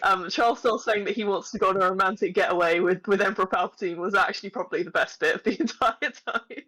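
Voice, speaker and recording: A woman's voice: mid-range voice, fast, fairly bright tone, poor audio. Giggly, chatty woman podcast co-host. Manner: giggly, self-deprecating, chatty. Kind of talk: casual chat.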